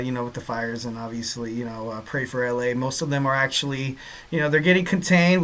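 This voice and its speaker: A man's voice: a little high, a bit bright. A man hosting a wrestling podcast in a casual, rambling, upbeat way, full of fillers and repeated catchphrases. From Southern California. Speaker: podcast host.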